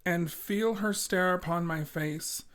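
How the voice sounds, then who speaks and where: A woman with a lowish voice co-hosts a casual podcast. She reads listener stories aloud and drops dry, joking asides between passages. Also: slow pace. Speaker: podcast co-host.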